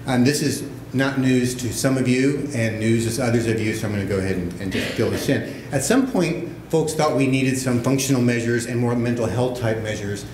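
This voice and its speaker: A man's voice: mid-range voice, normal speed, hardly any pauses, darkish tone. Joking male conference speaker, echoey room. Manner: joking, self-deprecating, conversational. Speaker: conference panelist, evaluator. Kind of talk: conference talk with jokes. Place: large conference room with audience. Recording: echoey room, background noise. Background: audience laughter.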